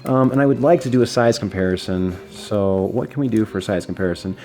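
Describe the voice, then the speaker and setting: A man's voice: on the low side, fast talker, dark tone, faint music behind. A man casually reviewing a collectible action figure, enthusiastic and chatty, with fillers and restarts. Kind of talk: casual unboxing talk.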